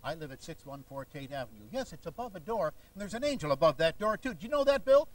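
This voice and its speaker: A theatrical faith-healing preacher, played by a man, booms in a raised, showy voice. He preaches at full volume to the crowd. The sound carries from across a hall. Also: sing-song, quick pace, far from the mic. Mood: preachy. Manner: booming, theatrical revival preaching.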